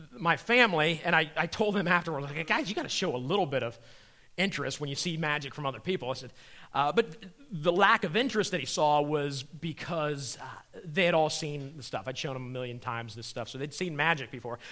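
A middle-aged man giving a comedic faith talk, animated and playful as he tells stories. His voice sits a bit high and sounds bright and forceful. He slips in and out of acted voices as he goes. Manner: animated storyteller acting out voices. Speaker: comedian and magician speaker.

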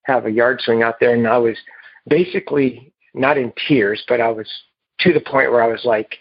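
A man telling his recovery story to a meeting in a halting, earnest way, heard over a phone. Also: mid-range voice, fairly even intonation, husky, dry recording. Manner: halting and earnest, with repeated restarts. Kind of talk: personal recovery story told to a group. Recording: muffled phone line.

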